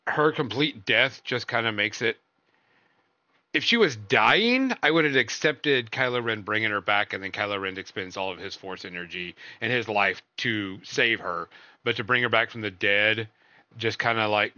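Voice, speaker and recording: A man hosting a podcast, rambling through casual reviews with lots of ums and trailing remarks. His voice sits low but has a bright, forward edge. The audio is dry and slightly dull. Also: no room sound. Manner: rambling, filler-heavy, trails off quietly. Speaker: podcast host.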